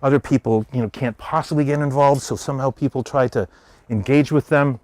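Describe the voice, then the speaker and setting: A man with an American accent giving an animated public talk, telling stories and voicing characters in quotes. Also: mid-range voice, brisk, dry recording. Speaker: speaker.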